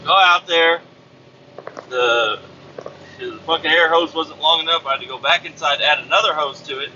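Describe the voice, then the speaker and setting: A truck-driving podcast host rants about his day, swearing constantly and sounding fed up. His voice sits fairly high and comes across very bright and sharp. The recording is muffled, with faint vehicle noise underneath. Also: moderate pace. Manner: profane, exasperated storytelling. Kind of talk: casual rant, recounting his workday.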